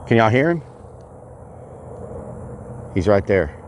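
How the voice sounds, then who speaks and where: A man livestreaming outdoors, chatting excitably to his viewers and calling them y'all. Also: fairly low pitch, slow pace, slight background noise. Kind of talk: casual outdoor livestream chat. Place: outdoors at a rural property.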